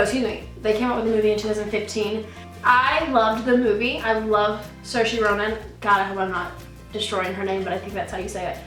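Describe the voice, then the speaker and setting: A young woman chats casually in a vlog, gushing and rambling and often correcting herself. Her voice sits on the high side and sounds a bit bright. The mic is distant, the room echoes, and faint music plays.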